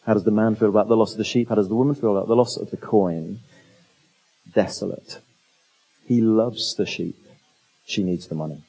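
A man delivers a conversational expository sermon, asking rhetorical questions and adding humorous asides. His lowish, husky voice has a dark tone and a brisk pace with long pauses, and the recording is rough.

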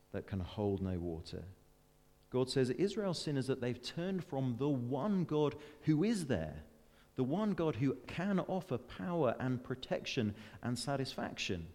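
Earnest preacher in a reverberant hall. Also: male voice, mid-range voice, darkish tone. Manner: earnest, with rising emphatic peaks and slowed, weighty readings; chatty, self-deprecating asides. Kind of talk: sermon.

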